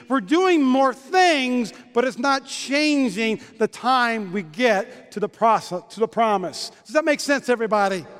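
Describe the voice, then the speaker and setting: A man preaching a lively sermon, joking with volunteers onstage in quick bursts. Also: very high-pitched. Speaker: pastor. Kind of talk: lively sermon with stage demonstration. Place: church auditorium. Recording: long reverb of a church hall.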